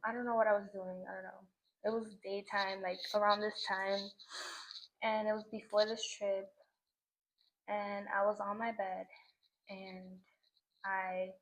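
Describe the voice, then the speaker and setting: A young woman vlogger, mid-range in voice, speaks to the camera in front of her at a scenic outdoor sunset view. Her casual spiritual monologue turns reflective and emotional, sprinkled with many "like" fillers. The audio quality is poor.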